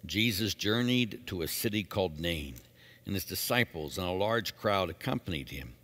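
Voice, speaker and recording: Deep-voiced priest in a reverberant church. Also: male voice, expressive, a bit bright. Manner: measured, solemn reading, then earnest preaching. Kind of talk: liturgical reading and homily.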